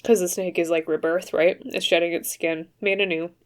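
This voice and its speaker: Female tarot reader, lower register, careful, halting delivery to camera. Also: fairly even intonation, clean tone. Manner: hesitant and careful, many fillers and restarts. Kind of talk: pick-a-card tarot reading to camera.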